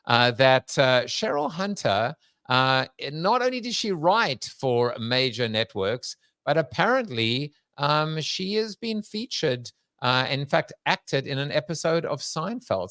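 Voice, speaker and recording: Hosting an interview podcast, this Long Island-accented man has a mid-range, fairly bright voice and speaks unhurriedly but very animatedly, with no echo. He keeps the talk casual, joking around, wandering off topic, and laughing a lot.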